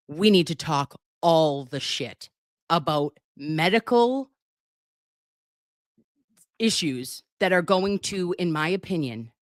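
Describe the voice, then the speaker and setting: A middle-aged woman with a fairly low voice hosts a casual livestream, sassy and profane as she banters with viewers; she's a legal nurse consultant. The audio is studio quality from a desk microphone, with no room sound.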